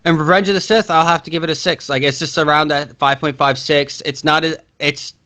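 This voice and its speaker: A man's voice: on the high side, steady tone, a little fast, sharp tone. A man co-hosting a casual movie podcast, rambling with frequent restarts and swearing. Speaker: podcast co-host.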